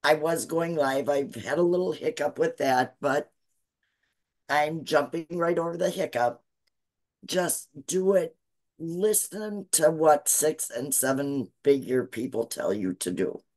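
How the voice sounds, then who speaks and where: A woman's voice: sits low, measured pace, a little mellow. A woman in her sixties on a video call, giving an earnest, teary testimonial and urging listeners to follow along. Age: 60s. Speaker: guest student sharing success story. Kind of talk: emotional testimonial on a live call.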